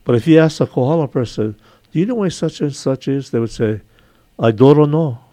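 An older man from Hawaii with a Hawaiian accent, hosting a casual radio chat, chatty and quick to laugh. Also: medium pitch, animated, mellow, no room sound. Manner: chatty, laughs easily, imitates local sayings. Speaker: radio show host.

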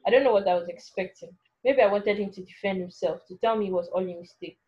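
A woman's voice: mid-range voice, fast, lo-fi sound. A woman narrating a first-person story in an anxious, self-questioning way.

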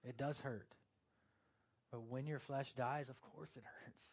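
A man's voice: medium pitch, fairly even intonation, unhurried, a little mellow, husky. A male pastor preaching a sermon in a conversational way, turning earnest and emphatic, with joking asides to the congregation.

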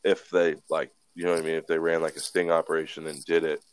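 Young podcast guy, real deep voice, rambles, swears a lot, casual chat. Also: little pitch movement, quick pace, smooth. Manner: rambling storyteller, lots of swearing and fillers. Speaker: podcast co-host.

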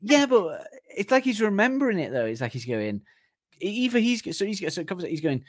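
A man's voice: high voice, very animated, a little fast, no echo, studio quality. A man co-hosting a comedy podcast, joking casually about song lyrics and laughing often. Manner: jokey, laughs often, acts out silly voices. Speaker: podcast co-host.

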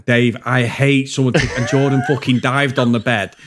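A man's voice: medium pitch, normal speed, slight background noise. A man, co-hosting a casual film review podcast, telling stories with lots of swearing. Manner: swears freely, animated storytelling. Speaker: podcast co-host.

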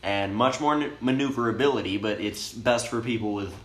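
A young man, a bit high, telling a long profane story in a rambling, laid-back way inside a camper van. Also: fairly quick. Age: young adult. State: high on cannabis. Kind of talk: casual storytelling chat. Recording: roomy with faint noise.

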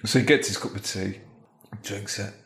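A man improvising a comic story in a chatty, animated way. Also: on the low side, normal speed. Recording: roomy echo.

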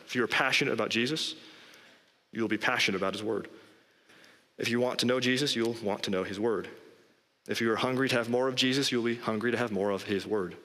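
A man preaching a sermon as pastor, emphatic and rising in pitch on key phrases. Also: quick pace, bright, forceful tone. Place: church sanctuary. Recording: long hall reverb.

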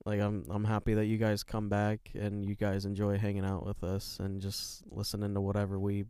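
A young man co-hosts a podcast in easygoing, meandering chat, swearing freely. His voice is low, soft and smooth. The sound is dry and close. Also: monotone, normal speed, dry recording. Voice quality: soft, soothing voice. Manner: laid-back, rambling, swears often. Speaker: podcast co-host. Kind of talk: casual chat.

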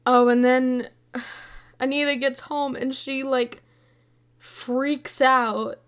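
A woman of about eighteen chatting casually about a movie, scattered and excitable, rambling from thought to thought. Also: sits high, extremely slow, clean tone. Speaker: movie reviewer. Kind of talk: casual chat.

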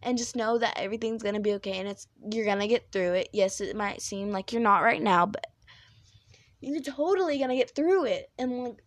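A young woman hosting a podcast, talking candidly in a rambling monologue with a high-pitched, squeaky voice. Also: steady tone, fast, few pauses, fairly bright tone, no room sound, clean studio sound. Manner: candid, rambling with fillers and restarts. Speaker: podcast host.

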